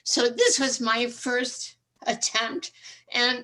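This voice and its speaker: An older woman reads her own poem aloud over a video call. Her voice sits high and her pace is unhurried. She reads earnestly, with feeling and a strong rhythm. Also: fairly bright tone, low-quality recording. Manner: emotional, earnest, rhythmic reading. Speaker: open mic poet.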